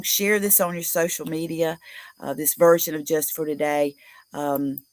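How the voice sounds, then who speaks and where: A woman's voice: lowish voice, no echo. A woman hosting a live recovery stream as a peer support host, teary and affectionate, rambling with many fillers. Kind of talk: casual live-stream talk.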